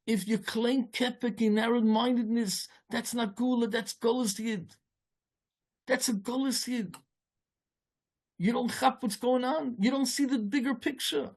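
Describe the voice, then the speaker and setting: A man giving an informal Torah talk as a rabbi. He speaks haltingly, with many restarts, and mixes Yiddish and Hebrew terms into his English. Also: fairly even intonation, a little mellow. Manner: storytelling, rising in pitch as the tale builds.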